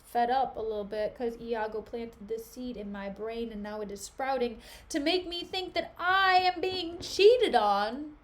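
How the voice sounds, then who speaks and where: A woman voicing a grumpy, impatient nobleman husband, lowering her voice and speaking curtly during a live-stream reading. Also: normal speed, hardly any pauses, a bit bright, natural voice. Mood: annoyed. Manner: low, annoyed and curt.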